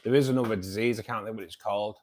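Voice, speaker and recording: A man's voice: lowish voice, steady tone, very fast, a little mellow. A man hosting a casual livestream, chatting with viewers in a friendly, hesitant way, full of ums and calling people mate and buddy. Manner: hesitant, many ums and restarts. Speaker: aquarium channel host.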